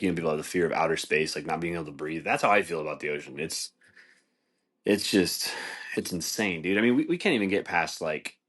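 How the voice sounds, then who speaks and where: A man's voice: sits low, a bit bright. A man hosting a podcast, rambling in casual chat with a lot of swearing and restarts. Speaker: podcast host.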